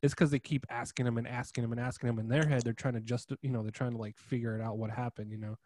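A young man in casual chat, an animated storyteller who gets loud when acting out his own reactions. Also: medium pitch, fast talker.

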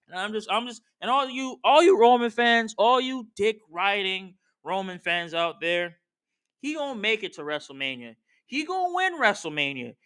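Man, podcast host, slangy heated rant, high voice, smooth clear tone. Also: big pitch swings, normal speed, a bit bright. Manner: slangy, heated, talks straight to wrestlers and fans. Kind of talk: casual wrestling commentary rant.

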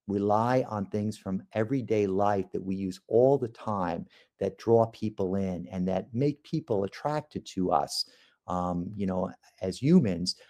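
A man's voice: on the low side, creaky, warm tone. A man, a trial lawyer, giving a podcast lecture on cross-examination in a conversational way, with frequent ums and uhs.

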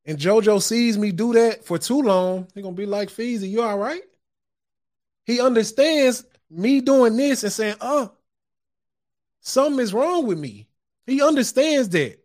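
A man hosting a podcast, preaching casually in a loose monologue. He chuckles often and curses without fuss. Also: high voice. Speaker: podcast host. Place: home studio.

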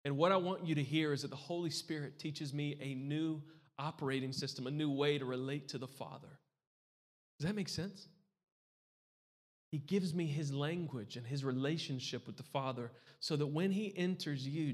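A man's voice: fairly high pitch, moderate pace. A pastor in his thirties preaching a sermon, talking in a conversational way and often asking the congregation questions. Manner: conversational, asks the crowd questions. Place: church hall. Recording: hall reverb in a church.

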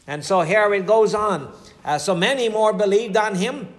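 A man's voice: sits high, moderate pace. A middle-aged man, preaching a sermon in a folksy storytelling way, weaving in scripture quotes. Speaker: pastor.

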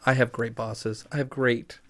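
A man's voice: medium pitch, little pitch movement, moderate pace, a bit bright. A man co-hosting a podcast in casual chat, talking in a chatty way and acting out quotes in silly voices. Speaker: podcast co-host.

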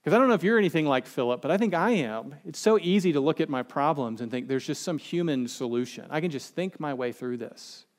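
A man's voice: on the high side, expressive, brisk, hardly any pauses. A male pastor giving a casual, conversational sermon with humorous asides and acted-out quotes. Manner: chatty, joking, acts out quoted people.

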